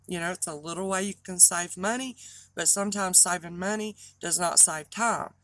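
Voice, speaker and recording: A woman's voice: fairly low pitch, normal speed, fairly bright tone, no room sound. A middle-aged woman with a thick Southern drawl, chatting casually and rambling in a vlog to her regular viewers. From North Carolina, US. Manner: rambling, chatty, trips over words. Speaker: online reseller and host.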